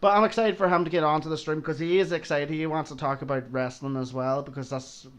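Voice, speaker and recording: A man with an Irish accent chats loosely on a live stream, his voice sitting a touch high. He laughs often, swears freely and rambles from one thought to the next. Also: steady tone, quick pace. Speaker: streamer co-host. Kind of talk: casual chat.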